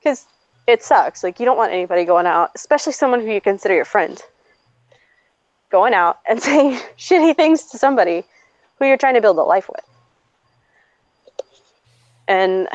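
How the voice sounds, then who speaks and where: A woman co-hosting a podcast, telling a story in a casual, animated way with plenty of swearing and acted-out quotes. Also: mid-range voice, no room sound, muffled recording. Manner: animated, profane, quick to act out quotes. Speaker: podcast co-host.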